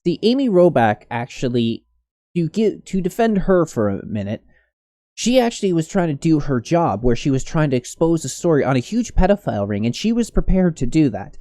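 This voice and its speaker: A man's voice: on the high side, sing-song, moderate pace, dark tone, no room sound, studio quality. A man giving casual commentary on a news story, rambling with many restarts. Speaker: commentary host.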